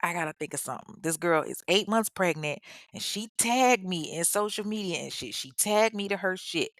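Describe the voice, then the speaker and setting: A woman's voice: fairly low pitch, animated, moderate pace, no echo, studio quality. Brash man, crude slang, indignant, defensive, woman doing the voice.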